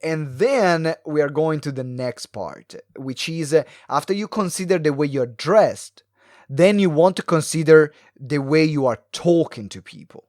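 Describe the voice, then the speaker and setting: A man hosting a solo live video talk for entrepreneurs, animated and fast-talking, swinging his pitch and pace, with many ums and uhs. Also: dry recording, studio quality. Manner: animated, varies pace and pitch with frequent fillers. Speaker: podcast host. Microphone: close mic, live video stream.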